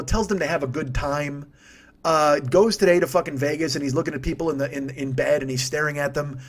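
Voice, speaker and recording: A man hosting a comedy podcast from home, ranting in a rambling, profane, self-mocking way. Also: on the high side. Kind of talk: comic rant monologue.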